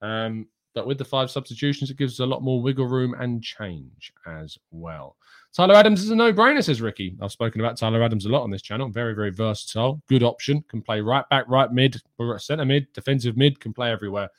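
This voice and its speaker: A man's voice: medium pitch, lively intonation, a little fast. A man hosts a live question-and-answer stream, reading viewer messages aloud and answering each one. He talks in an opinionated, ranting way, often breaking off and restarting his sentences. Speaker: host.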